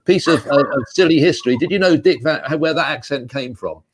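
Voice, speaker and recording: A man's voice: on the high side, brisk, a little hiss or hum. A man with an English accent co-hosting a chat show, joking and rambling with chuckling asides over a video call. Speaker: co-host. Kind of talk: casual interview chat.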